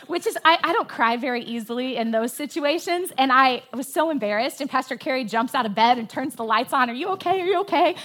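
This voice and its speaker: A woman's voice: high voice, bright, forceful tone. A woman pastor delivering a sermon from a church stage, telling a story with animation and stressing her points with emphasis.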